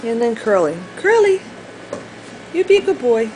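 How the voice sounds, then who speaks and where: High sing-song woman cooing at pets. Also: big pitch swings, quick pace, mellow, slight background noise, low-quality recording. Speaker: mother. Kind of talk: casual home video, talking to pets. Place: at home with pets.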